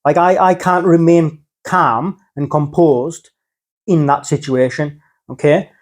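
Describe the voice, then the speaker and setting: Talkative middle-aged man, high voice. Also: steady tone, takes it slowly. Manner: explains with repeated check-ins like "okay?" and "yeah?". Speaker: podcast guest, father. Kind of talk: casual conversation.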